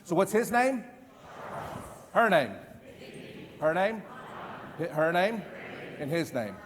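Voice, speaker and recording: A man in his fifties giving an energetic live stage demonstration as a memory trainer, quizzing the audience with repeated questions. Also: high-pitched, slow pace. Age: 50s. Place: large event hall. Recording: long hall reverb.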